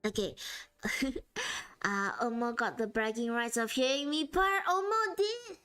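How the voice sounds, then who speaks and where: Giggly woman streamer, fairly high voice. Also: animated, measured pace, fairly bright tone, clean tone, faint music behind. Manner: giggly and chatty, often laughing mid-sentence. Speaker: streamer drawing live. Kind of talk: casual livestream chat.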